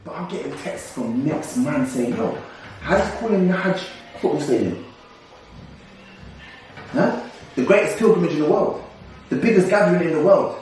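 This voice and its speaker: A young man co-hosts a casual talk show, ranting with energy and breaking into laughs. His voice sits on the higher side and swings widely in pitch. He is recorded from a distance in a very echoey room. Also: normal speed, long pauses, a little hiss or hum. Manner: animated, ranting, laughs often. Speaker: co-host. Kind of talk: casual discussion podcast. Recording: echoey room, voice away from mic.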